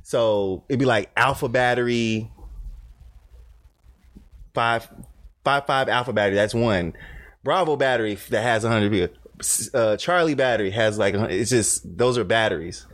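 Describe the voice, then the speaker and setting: A man's voice: medium pitch, normal speed, a bit bright, dry recording. A young man co-hosting a podcast, telling stories loosely with lots of slang in casual chat. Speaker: podcast co-host.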